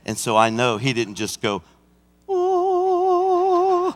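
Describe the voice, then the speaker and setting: A senior pastor preaching a sermon, swinging from hushed, intimate passages to shouted climaxes, sometimes singing and acting out scenes. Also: male voice, on the low side, steady tone, normal speed, big-room sound. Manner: breaks into song and acts out scenes. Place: church sanctuary.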